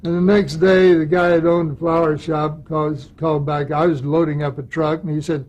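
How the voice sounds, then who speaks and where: A man's voice: fairly high pitch, normal speed, low-quality recording. A man in an interview telling an anecdote about an audition, acting out what people said. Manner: lively storyteller who acts out quotes. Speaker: actor recalling an audition.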